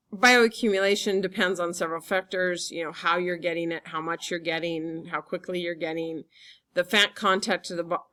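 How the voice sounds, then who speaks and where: A woman teacher giving a relaxed classroom lecture, chatty and full of fillers. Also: lowish voice.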